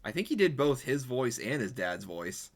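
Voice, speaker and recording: A man's voice: medium pitch, very animated, moderate pace. A male streamer chatting casually and rambling while he plays a golf game. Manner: rambling, chatty, self-correcting. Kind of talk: casual chat while gaming.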